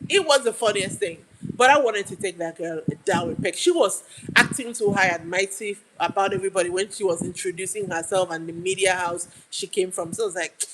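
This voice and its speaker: A woman's voice: a little high, a bit bright, rough recording. A Nigerian woman telling a story in a casual livestream, chatty and laughing, often restarting her sentences. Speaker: YouTube live streamer.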